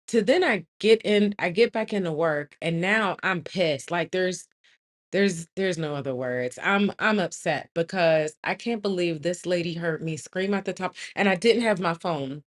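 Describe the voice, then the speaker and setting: A young adult woman tells a story in a loud, lively voice at a middle pitch. She is animated and emphatic, and leans hard on the key moments. Her delivery is casual and direct, as if talking to friends. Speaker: host.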